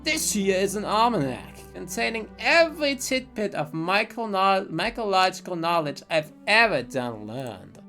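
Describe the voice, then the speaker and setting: A kindly old wanderer who has spent his life studying fungi, talking in a homely, drawling way, as a streamer reads him aloud. Soft game music plays faintly underneath. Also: medium pitch, very animated, a little slow, hardly any pauses, pitched above the performer's own voice, full character voice. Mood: fond. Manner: folksy, drawling, rural turns of phrase. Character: kindly old male wandering mushroom scholar. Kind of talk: reading a game's dialogue aloud.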